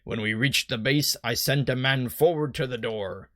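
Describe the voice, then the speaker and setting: A man voicing a gruff, weathered male harbor captain in a rough pirate-style put-on voice, reading game dialogue aloud. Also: mid-range voice, normal speed, a bit bright, no echo, studio quality, natural voice.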